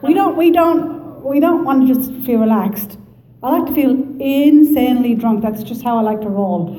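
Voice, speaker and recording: Lively Irish woman sharing her story. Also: high voice, moderate pace, reverberant, low-quality recording. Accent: Irish Midlands. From Ireland. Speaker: recovery meeting speaker. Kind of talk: personal testimony to an audience.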